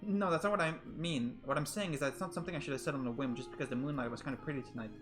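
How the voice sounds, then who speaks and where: A man's voice: on the high side, racing, music in the background, close to an everyday voice. A man voicing a flustered, earnest young woman who stammers out a love confession. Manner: breathless, stammering, insistent.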